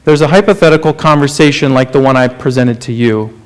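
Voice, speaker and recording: A man preaching a sermon, earnest and questioning, often dropping to a soft, low delivery for emphasis. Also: a little fast.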